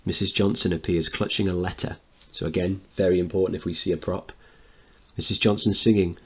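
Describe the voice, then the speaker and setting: Male teacher, low husky voice, quiet analytical asides. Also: fairly even intonation, brisk. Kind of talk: dramatic reading with analysis.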